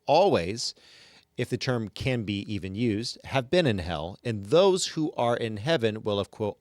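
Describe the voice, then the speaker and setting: A man's voice: lowish voice, no echo, studio quality. A man hosting a casual book discussion, talking through a chapter conversationally. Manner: conversational, with frequent restarts and fillers. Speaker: podcast host leading a book discussion.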